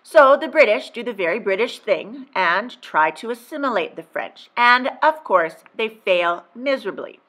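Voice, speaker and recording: A woman's voice: on the high side, expressive, moderate pace, hardly any pauses, pushed and bright. A woman teacher narrating a history lesson for kids, playful and teasing, with exaggerated asides to her students.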